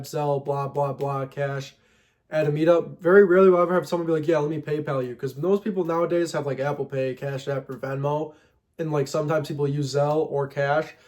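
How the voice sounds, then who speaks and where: A young man telling a casual storytime about reselling, heavy on slang and quick to mock himself. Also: a little high. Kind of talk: storytime vlog.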